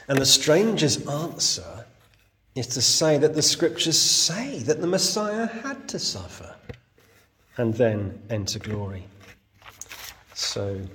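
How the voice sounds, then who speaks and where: A man's voice: mid-range voice, a bit bright, long reverb tail. A man preaching a sermon, explaining a Bible passage with a storyteller's flair and rhetorical questions.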